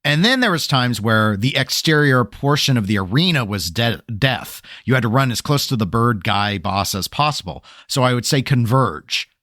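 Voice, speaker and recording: A man's voice: medium pitch, moderate pace, few pauses, no room sound, clean studio sound. A man co-hosting a casual gaming podcast, spinning a long tangent and acting out exasperated quotes. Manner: animated storyteller, acts out exasperated quotes. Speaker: podcast co-host.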